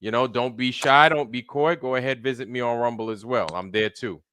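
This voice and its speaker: A man's voice: mid-range voice, brisk, pushed and bright, clean tone. A man hosting a casual live stream, loose and slangy, greeting viewers by name in a running roll call. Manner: greets viewers by name one after another. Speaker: livestream host.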